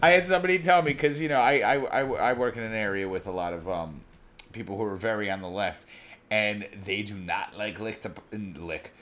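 A young man co-hosting a podcast, talking in loud, laughing, swearing banter. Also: fairly low pitch, brisk, echoey room. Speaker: podcast co-host. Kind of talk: casual chat.

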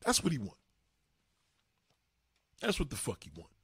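A man's voice: mid-range voice, huge pitch swings, unhurried, gravelly, slightly rough, no room sound, studio quality. A man ranting casually and profanely to his viewers, acting out both sides of conversations. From New York. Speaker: commentator.

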